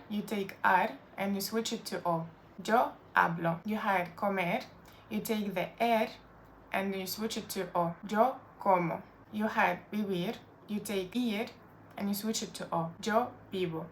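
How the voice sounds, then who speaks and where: Patient woman teaching with slight gravel. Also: mid-range voice, slight background noise. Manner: patient, explanatory, with fillers like "like". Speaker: Spanish teacher. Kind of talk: online language lesson.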